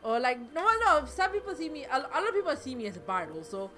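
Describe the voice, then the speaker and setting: Chatty woman streamer with lively pitch. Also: fast talker. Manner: rambling, chatty, laughs often, swears casually. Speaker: VTuber streamer hosting a fundraiser. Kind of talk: casual live-stream chat while gaming. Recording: game music playing clearly behind.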